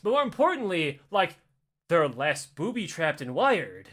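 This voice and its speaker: A man hosting a podcast, telling a story in an animated, casual way, swearing a lot and acting out the people in it. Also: a little high, measured pace. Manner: animated, heavy swearing, acts out voices. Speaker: podcast host.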